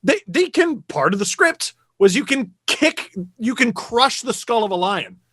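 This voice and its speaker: A man hosting a podcast, telling a story with animated energy, cursing and getting loudly indignant. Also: extremely high pitch, unhurried, breathy edge, no echo. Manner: animated storyteller, swears, gets loud and indignant. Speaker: podcast host. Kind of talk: casual podcast chat.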